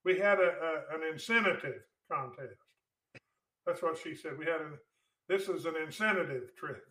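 Man, slightly high and bright, chatty co-host who laughs at his own stories. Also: moderate pace, roomy sound, far from the mic, low-quality recording. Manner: jokey, laughs often, trails off mid-sentence. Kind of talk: casual chat.

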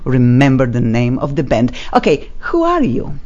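A woman hosting a talk radio show in a studio, speaking playful non-native English with a lively, animated manner. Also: rumbling low, normal speed, dull audio. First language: not English. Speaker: radio host.

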